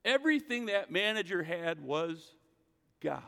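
A pastor preaches a casual sermon in an echoey hall, speaking conversationally and calling on the congregation to repeat after him. His voice sits high and is gravelly and a bit bright, with big pitch swings and an unhurried pace.

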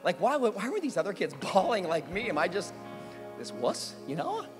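A middle-aged pastor with a high voice preaches, telling a story with animated, self-mocking energy and breaking into squeals as he acts out his younger self. His voice carries through the long reverb of a large hall, with faint music underneath. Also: moderate pace. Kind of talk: sermon with personal storytelling.

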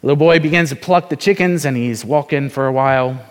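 A man's voice: mid-range voice, fast, smooth. A man preaching a sermon, telling a story and asking the congregation rhetorical questions in a conversational way. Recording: reverberant hall.

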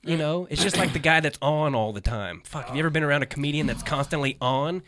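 Telling stories on his podcast, this stand-up comedian swears freely and acts out quotes in an animated, casual chat. His voice is a little high and his pace quick.

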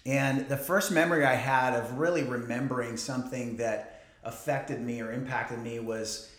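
Pastor, 40s, male, relaxed sermon with jokes, roomy echo. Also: mid-range voice, normal speed. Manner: conversational, joking asides, many fillers.

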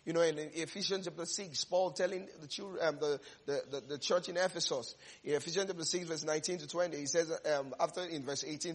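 Man, middle-aged, high voice, husky, animated sermon, repeats words. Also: fast, hardly any pauses. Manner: animated, repeats words, laughs between phrases. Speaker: preacher.

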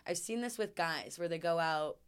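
A woman telling a story in casual chat, animated and laughing, acting out what people said. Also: on the low side, normal speed, smooth. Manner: animated, laughing, acts out quotes. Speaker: guest storyteller.

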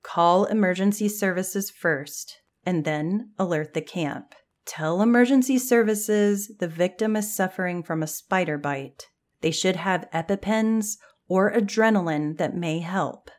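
A woman's voice: fairly low pitch, unhurried, close to an everyday voice. A woman reading as a bossy young camper. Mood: commanding. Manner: urgent, commanding. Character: young woman camper, firm and take-charge.

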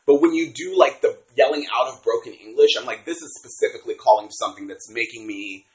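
A man co-hosting a casual podcast, critiquing a book in an animated way, swearing freely and acting out quotes. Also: medium pitch, fast talker, low-quality recording. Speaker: podcast co-host.

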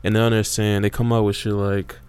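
A man's voice: lowish voice, little pitch movement, fairly quick, darkish tone, smooth. A man in casual podcast chat, agreeing and using loose slang.

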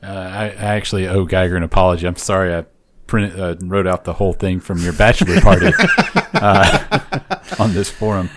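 A man's voice: sits low, moderate pace, noisy background. A man co-hosting a casual podcast, hesitant with many fillers and a dry sense of humor. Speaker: podcast co-host.

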